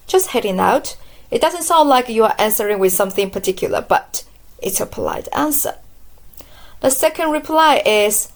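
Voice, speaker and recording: A woman delivers a scripted lesson for beginners in a slightly high voice. She takes her time and patiently drills every phrase with the listener through repetition. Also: big pitch swings, slow. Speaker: language teacher.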